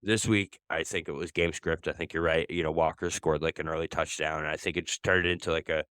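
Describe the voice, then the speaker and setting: A man's voice: rumbling low, level tone, brisk, fairly bright tone, smooth, no room sound, clean studio sound. A man co-hosting a sports podcast in casual chat, rambling and swearing freely, often restarting his sentences. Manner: rambling and profane, with many restarts. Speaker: podcast co-host.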